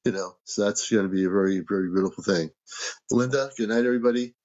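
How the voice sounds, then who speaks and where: A man's voice: on the low side, fast, darkish tone, muffled recording. A man hosting a casual livestream from home, reading out viewer comments and thanking people for gifts. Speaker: livestream host.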